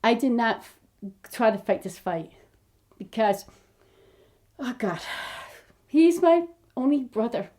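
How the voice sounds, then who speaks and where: A woman in her fifties with a high, bright-pitched voice talks straight to camera in a casual personal vlog. She rambles earnestly, restarting her thoughts and pouring heartfelt feeling into each aside. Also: sing-song, slow pace, long pauses. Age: 50s. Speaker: aspiring actor vlogger.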